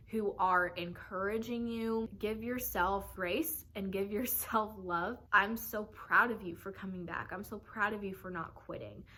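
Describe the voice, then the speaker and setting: A woman's voice: medium pitch, pushed and bright. A young woman giving a heartfelt, emotional tribute to camera, swearing casually as she gushes. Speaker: fan sending a tribute message.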